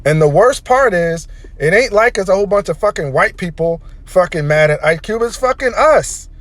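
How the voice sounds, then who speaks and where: Man, vlogger, heated profane rant, emphatic, slightly high-pitched voice. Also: animated, normal speed, dry recording. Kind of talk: opinion rant to camera.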